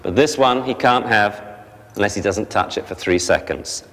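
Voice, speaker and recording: A man teaching a dog training class, explaining briskly and barking short sharp commands at the dogs. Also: lowish voice. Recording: long hall reverb.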